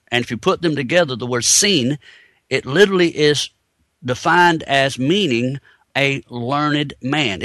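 A man's voice: mid-range voice, fairly bright tone, no room sound. A man giving a teaching sermon, explaining points step by step and asking rhetorical questions. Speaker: Bible teacher.

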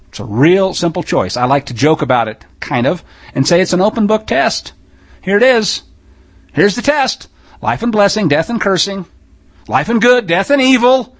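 A Bible teacher preaches a sermon in a folksy, emphatic style, tossing in sarcastic asides and reading scripture aloud with stress on single words. His voice sits high, with lively intonation and a normal speed.

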